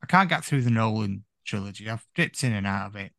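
Gravelly man rambling about films. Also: on the low side, fast talker, dry recording, studio quality. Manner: rambling, hedging with "you know", animated. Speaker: podcast guest. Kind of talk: casual film chat.

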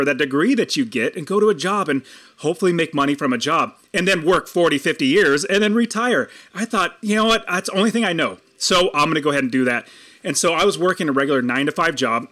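Bright-voiced man telling his story. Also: on the high side. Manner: earnest, animated storytelling, speeding up and slowing down for emphasis. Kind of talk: personal storytelling in conversation.

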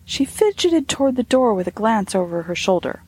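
A woman narrating a classic ghost story in a lively, expressive reading with soft asides. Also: a little high, moderate pace, slightly rough.

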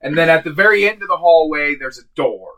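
A man's voice: a little high, animated, brisk, sharp tone, rough recording. A man playing a tabletop game, speaking playfully and slipping into a lordly character. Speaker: player. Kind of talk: tabletop role-play, casual.

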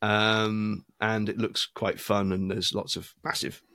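A man's voice: on the low side, flat delivery, takes it slowly, gravelly, pushed and bright, dry recording. Wry man chatting, dry sound. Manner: wry, rambling storyteller. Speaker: podcast co-host. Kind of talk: casual chat.

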